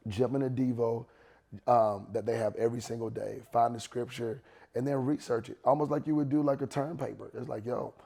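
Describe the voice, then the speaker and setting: Gravelly guy in his 40s, low mellow voice, laid back, keeps saying "read it slow" kinda repetitive. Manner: relaxed, slangy, repeats advice for emphasis. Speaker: podcast guest, worship leader. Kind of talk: casual chat.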